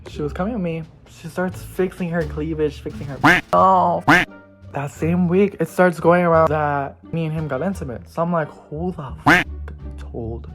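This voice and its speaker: A young man casually telling a gossipy storytime in an animated, slangy way. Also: a little high, moderate pace, soft background music. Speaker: vlogger.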